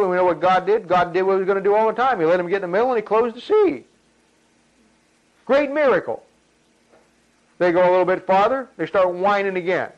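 A man preaching a sermon in an animated, folksy way, acting out voices of the people in his story. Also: high voice, brisk. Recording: dull lo-fi sound.

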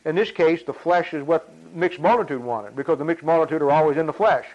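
A man preaching a sermon in an animated, folksy way, acting out voices of the people in his story. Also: a little high, fast talker. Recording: dull lo-fi sound.

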